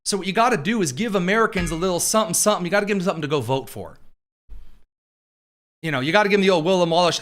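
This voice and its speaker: A man's voice: sits high, animated, racing, fairly bright tone. A man hosting casual political commentary, sarcastic and jokey, with frequent fillers and asides.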